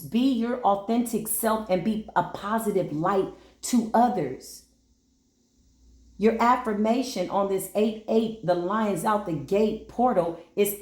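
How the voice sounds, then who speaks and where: A woman giving an animated astrology and numerology reading, speaking straight to her listeners in a preachy way and acting out quoted voices. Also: medium pitch, reverberant. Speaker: spiritual reader.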